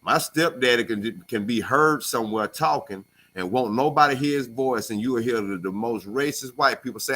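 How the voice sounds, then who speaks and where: A man co-hosting a radio talk show, telling stories in a casual, animated way. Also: medium pitch, normal speed, few pauses. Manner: animated storyteller, acts out voices. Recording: call-in radio show studio.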